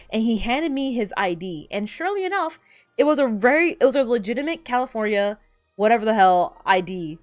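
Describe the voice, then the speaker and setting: A woman's voice: on the high side, expressive, brisk, dry recording, clean studio sound, soft background music. A woman streamer chatting casually while playing a game, telling stories in a rambling way full of fillers. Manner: rambling, filler-heavy storytelling. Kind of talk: casual gameplay chat.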